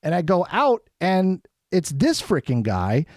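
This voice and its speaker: Animated man telling a story. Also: sits high, a little slow, dry recording, studio quality. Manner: animated, acts out quotes in a raised voice. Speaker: podcast co-host. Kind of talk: casual chat, storytelling. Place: studio.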